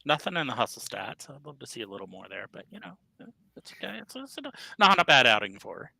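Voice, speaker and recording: A man co-hosting a casual sports podcast, speaking in a measured way and often trailing off softly at the ends of his remarks. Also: medium pitch, sing-song, creaky, dry recording, poor audio. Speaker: podcast co-host.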